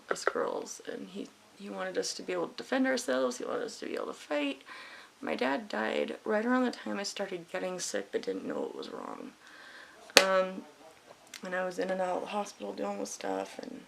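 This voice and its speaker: A woman's voice: medium pitch, vocal fry, a bit bright, poor audio. A middle-aged woman vlogging casually while doing her makeup, candid and emotional, swearing freely and rambling. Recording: faint hiss.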